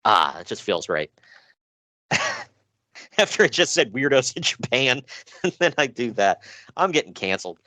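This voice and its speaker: A man hosts a laid-back podcast, running through wrestling news with frequent laughs and self-deprecating jokes in a chatty style. He speaks at medium pitch, very animated yet unhurried, leaving long pauses, his tone pushed and bright.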